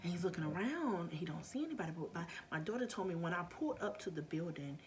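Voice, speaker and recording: A woman's voice: on the low side, sing-song, fast, a little hiss or hum. A middle-aged woman vlogger telling a story in a casual, earnest way, often dropping to a near-whisper.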